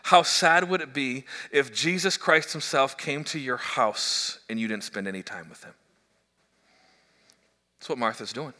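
A middle-aged man preaching a sermon as pastor, animated and joking, stumbling into quick restarts. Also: mid-range voice. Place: church hall. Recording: echoey church hall.

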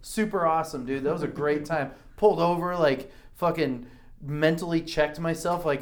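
A man in casual chat, telling animated motorcycle stories and swearing a lot. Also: a little high, normal speed. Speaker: motorcycle rider.

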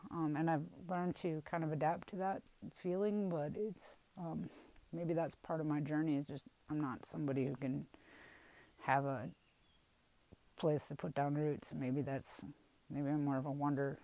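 Young adult woman vlogger, husky-low register, frank and rambling, close and dry. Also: darkish tone, dry recording, poor audio. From Wisconsin, US. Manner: rambling, halting, with restarts and frank swearing. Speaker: vlogger telling a personal story. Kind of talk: candid personal storytelling.

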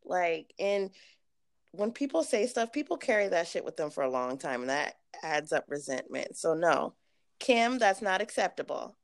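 Gravelly, blunt woman podcast host. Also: lowish voice, very animated, moderate pace, no echo, clean studio sound. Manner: blunt, emphatic, profane. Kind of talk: casual gossip chat.

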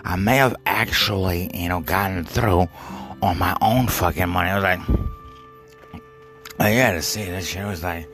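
A man rambling through an absurd monologue, halting and stammering, full of fillers and offhand swearing. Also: sits low, a bit bright. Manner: halting, stammering, repeats words, heavy fillers; profane, offhand. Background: music.

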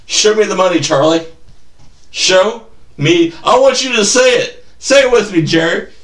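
A man imitating a brash football player from a film, yelling in a loud high chant. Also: a little slow, reverberant, far from the mic. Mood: hollering.

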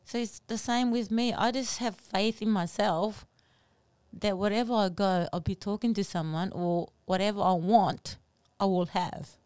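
A woman co-hosting a podcast, telling stories in an animated, earnest way with simple phrasing. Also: mid-range voice, measured pace, clean tone, dry recording. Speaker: podcast co-host. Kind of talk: casual chat, storytelling.

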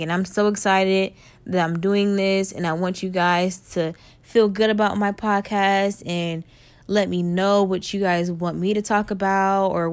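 Upbeat woman in her twenties, podcasting. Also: medium pitch. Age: 20s. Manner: chatty, upbeat and animated. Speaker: podcast host. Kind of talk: casual solo podcast chat.

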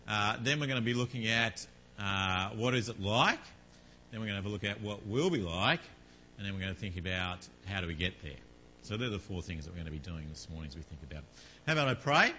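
A man's voice: fairly low pitch, sharp tone, slight background noise, rough recording. A man preaching a sermon and leading a prayer in church, chatty and full of rhetorical questions to the congregation.

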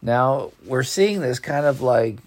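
A man's voice: medium pitch, lively intonation, slow. A man hosting a podcast in casual chat, rambling in laid-back slang and yawning as if sleepy. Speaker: podcast host.

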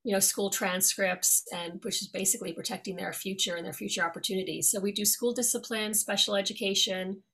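A middle-aged woman from New York with no regional accent, a lawyer speaking as a guest in an interview in an articulate, friendly, measured way. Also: medium pitch, fairly even intonation, pushed and bright, slightly rough. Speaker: guest, attorney. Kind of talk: interview conversation.

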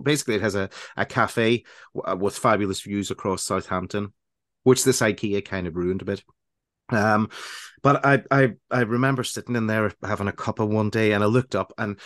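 A man's voice: on the low side, a bit bright, no room sound. A man hosting a casual radio chat show, rambling and laughing as he talks, with many restarts.

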